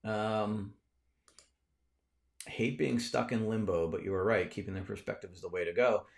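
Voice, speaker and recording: A man's voice: on the low side, steady tone, moderate pace, creaky. A man, hosting a casual live stream from a cluttered home room, rambling with many restarts while he answers viewer comments.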